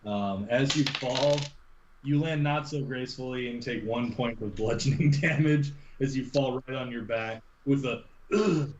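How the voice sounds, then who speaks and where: A man's voice: mid-range voice, lo-fi sound, a little hiss or hum. Man game-mastering with an echoey mic. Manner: halting, with many ums and restarts. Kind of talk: narrating a tabletop game.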